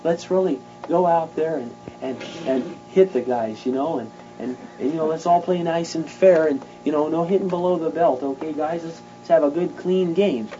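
A man voicing a mild-mannered sports coach giving a halting, soft-spoken pep talk. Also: on the high side, highs cut off, soft background music, close to an everyday voice. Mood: timid.

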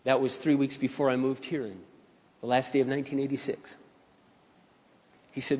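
A man's voice: medium pitch, fairly even intonation, brisk, long pauses. Male preacher, dramatic storyteller, dull sound from a big reverberant church. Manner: dramatic, shifts between passionate and quiet. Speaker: pastor. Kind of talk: sermon with storytelling.

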